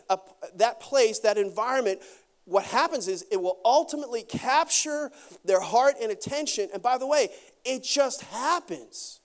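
A man preaching a sermon as pastor, animated, acting out quotes and adding quick asides. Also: extremely high pitch, clean tone.

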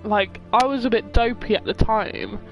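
A young streamer chatting and telling rambling stories while playing a game, laughing often and yelling at it when things go wrong. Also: mid-range voice, normal speed, faint music behind, rough recording. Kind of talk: live gameplay chat.

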